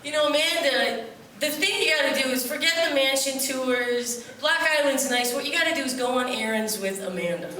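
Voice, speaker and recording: A woman from upstate New York tells loose, joking stories full of asides, with a bright, fairly high voice. She is heard from a distance in a very echoey theater, and a faint hum of the room sits underneath. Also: a little fast. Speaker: poet performing at a festival. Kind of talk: rambling comic stage storytelling. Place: theater stage before an audience.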